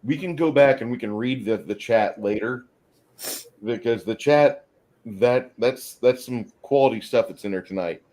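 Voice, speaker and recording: A man's voice: medium pitch, moderate pace, darkish tone. A man hosting a casual movie chat online, joking and bantering with his viewers. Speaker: host.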